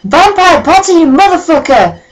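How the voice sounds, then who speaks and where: A woman voicing a furious, melodramatic goth teenage girl who shouts in an overwrought, shrill way. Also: steady tone, slow, low-quality recording.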